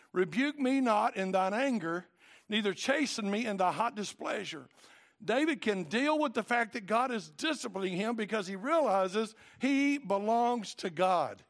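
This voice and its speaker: A middle-aged man preaching a sermon, quoting old-style scripture and telling stories in which he acts out the voices. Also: high-pitched. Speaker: pastor.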